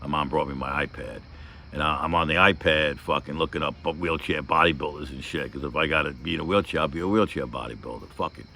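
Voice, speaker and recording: A man's voice: a bass voice, quick pace, creaky, pushed and bright, slight background noise. A man telling a personal story in a casual, rambling, emotional way, swearing heavily and leaning on fillers.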